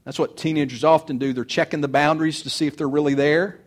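A middle-aged pastor preaching a sermon, earnest, swinging between loud urging and soft confiding. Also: male voice, a little high, steady tone, quick pace.

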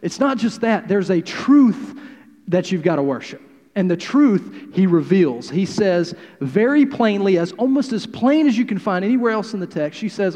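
A man preaching a sermon, swinging from hushed, quiet passages to loud, emphatic declarations. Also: a little high, animated, normal speed. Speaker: pastor. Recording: long hall reverb.

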